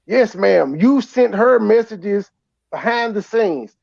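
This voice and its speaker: A man's voice: high-pitched, expressive, slow pace, gravelly, darkish tone. A man co-hosting an online show, sarcastic and mocking, swearing as he chats heatedly. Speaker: co-host. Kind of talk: heated casual commentary. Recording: dull lo-fi sound.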